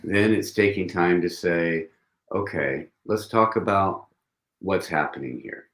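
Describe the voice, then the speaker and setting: A man with a lowish voice joins a casual livestream chat as a guest. He reflects out loud and shares personal stories. He often stops and restarts his sentences as he goes. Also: measured pace, reverberant.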